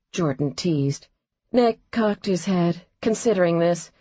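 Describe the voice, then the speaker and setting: A woman narrating a romance audiobook in an even, measured reading. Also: lowish voice, breathy edge, dry recording, lo-fi sound.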